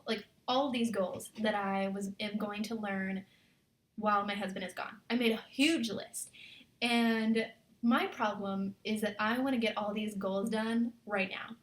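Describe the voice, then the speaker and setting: A woman's voice: medium pitch, unhurried, reverberant. A young woman vlogging about life as a military spouse, talking in a chatty, earnest way full of fillers and giving encouragement. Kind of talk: casual confessional vlog.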